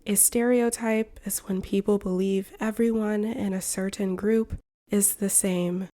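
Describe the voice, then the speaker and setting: A woman from the United States, an English teacher reading a shadowing lesson in slow, carefully separated phrases. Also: medium pitch, steady tone, mellow. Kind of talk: slow shadowing practice narration.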